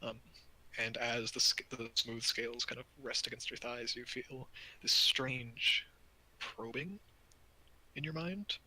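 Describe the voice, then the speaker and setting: Breathy, bright game master narrating. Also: male voice, medium pitch, fairly even intonation, slow pace, low-quality recording. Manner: casual, loose, full of fillers.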